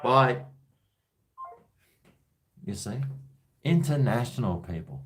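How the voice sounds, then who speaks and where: A man's voice: medium pitch, big pitch swings, slow. An Australian man hosting a casual call-in chat, blunt and rambling, with plenty of swearing. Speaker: host.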